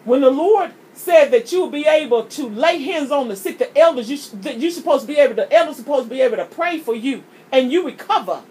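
A woman's voice: high-pitched, expressive, fairly quick, hardly any pauses, darkish tone. A woman preaching, often repeating words as she builds a point. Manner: impassioned, preachy, repeats words when starting a thought. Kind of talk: sermon.

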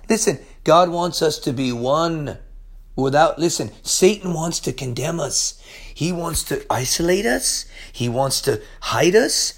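A man preaching a sermon as pastor, impassioned and laughing often, swinging from soft talk to yelling. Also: on the high side, expressive, unhurried. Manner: laughs often mid-sentence.

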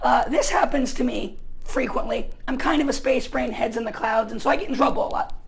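American male preacher, gravelly edge, chatty and full of fillers, punches key lines loudly. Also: very high voice, a little fast, low-quality recording. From United States. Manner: casual and chatty, many fillers, bursts of loud emphasis. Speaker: pastor. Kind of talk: storytelling sermon.

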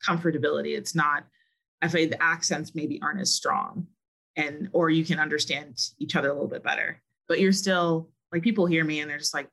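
Casual chatty woman from massachusetts on a podcast, kinda low voice, animated. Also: brisk, vocal fry. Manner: chatty storyteller, animated and friendly. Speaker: guest.

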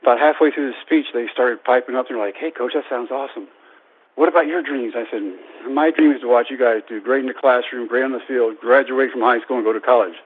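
A man in his thirties telling a personal story in a speech, self-deprecating and animated. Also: mid-range voice. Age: 30s. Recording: tinny phone-like radio sound.

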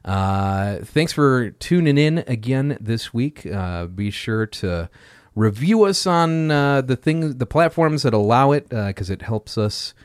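A man's voice: medium pitch, lively intonation, takes it slowly, clear, resonant tone, no room sound, clean studio sound. A man hosting a podcast, laid-back and joking in a casual chat. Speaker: podcast host.

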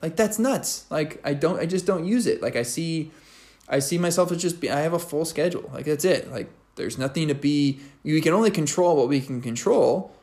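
A man's voice: fairly high pitch, normal speed. Upbeat young man rambling casually. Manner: energetic, rambling, many "like" fillers. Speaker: podcast host. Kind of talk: casual motivational monologue.

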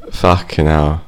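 A man co-hosting a podcast, chatting loosely and crudely with plenty of swearing. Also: extremely low pitch. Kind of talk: casual chat.

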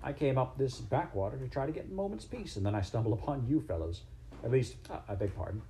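A man's voice: medium pitch, lively intonation, fast talker, warm tone, a little hiss or hum, pitched above the performer's own voice, lightly acted, rough recording. A man doing a jolly, chatty otter. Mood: breezy. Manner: breezy, gossipy, chuckling. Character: sociable male water otter, chatty and jolly.

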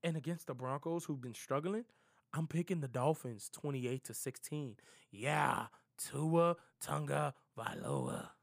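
A young man giving casual NFL game predictions, slangy and animated, trash-talking the teams he doubts. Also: a little high, measured pace, gravelly. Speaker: sports prediction vlogger. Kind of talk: casual NFL picks monologue.

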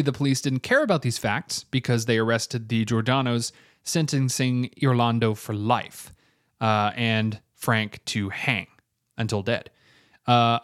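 A man's voice: medium pitch, no echo, studio quality. Chatty man narrating true crime. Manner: chatty, self-deprecating, lots of fillers. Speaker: podcast host.

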